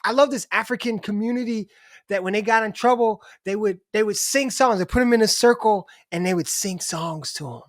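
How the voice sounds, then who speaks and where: A man's voice: high-pitched, brisk, no room sound, clean studio sound. A middle-aged man talking candidly as a podcast guest, restarting his sentences and swearing casually. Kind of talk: casual conversation.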